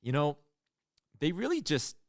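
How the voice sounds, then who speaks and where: A young man co-hosting a comedy podcast, telling stories in a casual chat and acting out loud outbursts. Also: a little high, a little slow, no echo, studio quality. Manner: animated storyteller, acts out loud outbursts. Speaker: podcast co-host.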